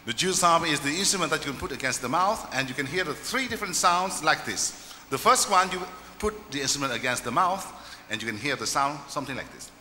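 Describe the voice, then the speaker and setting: Bright Vietnamese man explaining instruments live. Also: on the high side, expressive, a little fast, big-room sound, slight background noise. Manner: friendly, explaining in simple broken English. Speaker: folk musician demonstrating instruments. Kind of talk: live demonstration to an audience.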